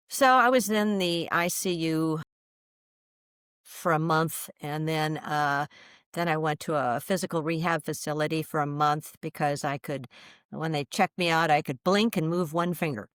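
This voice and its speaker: An older woman telling a personal story as an interview guest, animated and vivid, acting out the voices she quotes. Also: deep voice, a little slow, smooth, no room sound, studio quality.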